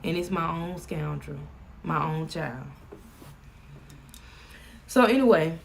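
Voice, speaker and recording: A woman's voice: on the low side, creaky, slight background noise. A woman with a Southern US accent chatting casually on a live stream, folksy and joking. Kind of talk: casual chat.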